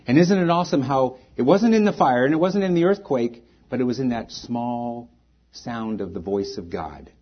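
A man's voice: mid-range voice, husky, muffled recording. A man preaching a sermon as pastor, reading scripture aloud with rising emphasis and then speaking plainly to the congregation.

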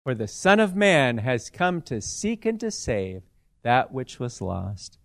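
Slow male scripture reader, dry sound. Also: medium pitch, very animated, gravelly, no room sound. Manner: measured, formal reading. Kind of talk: scripture reading.

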